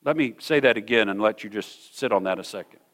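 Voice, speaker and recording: A middle-aged man preaching a sermon to a congregation in a church hall, earnest, often repeating words and slowing down to stress a point. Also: on the low side, fairly bright tone. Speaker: pastor.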